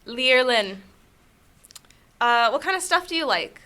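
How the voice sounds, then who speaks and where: A woman hosting a casual comedy podcast, asking short questions in a playful, deadpan way. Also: high-pitched, slow pace, a little hiss or hum. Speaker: podcast host.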